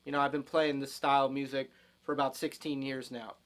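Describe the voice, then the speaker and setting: A man's voice: mid-range voice, level tone, brisk, fairly bright tone. Laid-back guitar teacher, man. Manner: casual, loose, many fillers and restarts, counts and scats rhythms. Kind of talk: relaxed spoken guitar lesson. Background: electric guitar playing.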